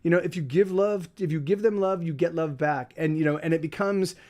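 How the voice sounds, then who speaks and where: A man's voice: fairly high pitch, a little fast. A man hosting a livestream, chatting casually, rambling with lots of restarts and repeated words. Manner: soft baby talk to his dog. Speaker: livestream host. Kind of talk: casual chat.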